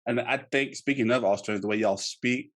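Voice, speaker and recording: A man in his thirties hosting a casual podcast interview, animated and laughing, often repeating words as he talks. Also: medium pitch, a little fast. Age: 30s. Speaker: podcast host.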